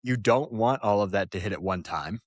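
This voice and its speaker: Deep-voiced male podcast host. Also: a little fast, no room sound, studio quality. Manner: thoughtful, loose phrasing with fillers. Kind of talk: interview conversation.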